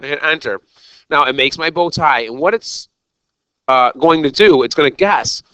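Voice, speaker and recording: A man's voice: medium pitch, fairly bright tone, dry recording, rough recording. A man teaching a recorded algebra lesson, talking straight to his students in an exuberant, jokey, self-mocking way. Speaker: math teacher.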